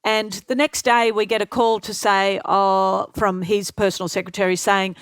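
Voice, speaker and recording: An older woman from Australia, a podcast guest telling lively anecdotes and acting out the voices of the people in them. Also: mid-range voice, moderate pace, smooth, dry recording. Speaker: interview guest. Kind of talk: storytelling interview.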